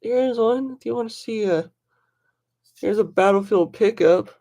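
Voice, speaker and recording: Speaking a little slowly in a mid-range voice, this knife collector rambles excitedly through a casual livestream. He calls out viewers in the chat by name.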